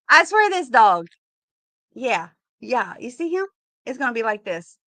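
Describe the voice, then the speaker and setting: A woman's voice: a little high, sing-song, slow, long pauses, bright, forceful tone, no room sound. A middle-aged woman hosting a casual live sale from home. She chats, laughs a lot and greets viewers by name. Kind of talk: casual live-stream chat.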